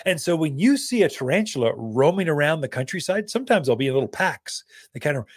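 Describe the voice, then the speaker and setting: A lively, folksy man tells stories as host of a gardening radio show, his pitch swinging up and down as he talks. His voice sits a little higher than most men's, and the studio sound is dry and close. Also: fast, no room sound. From Arizona. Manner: folksy and animated, with many fillers and loose asides. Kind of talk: casual storytelling on a radio talk show.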